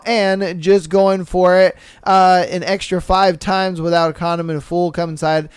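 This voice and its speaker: A man hosting a podcast, chatting casually and reading listener stories aloud in a slangy, animated way, swearing often and laughing at his own jokes. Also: high voice, a little slow, few pauses, clear, resonant tone, dry recording. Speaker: podcast host.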